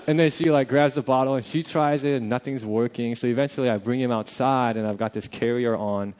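Young man, middle-pitched voice, casual testimony; animated, acts out the quotes, chuckles now and then. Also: brisk, few pauses, smooth. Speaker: father telling a personal story.

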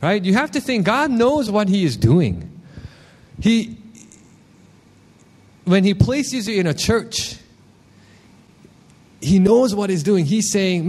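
A man preaching a casual, animated sermon, telling a personal story with frequent asides. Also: sits high, measured pace, pauses often. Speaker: worship leader preaching.

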